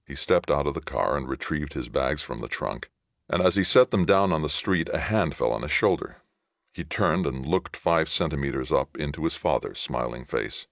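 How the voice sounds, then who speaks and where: Deep gravelly male audiobook narrator, measured and even, dry close sound. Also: no echo. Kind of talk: scripted narration.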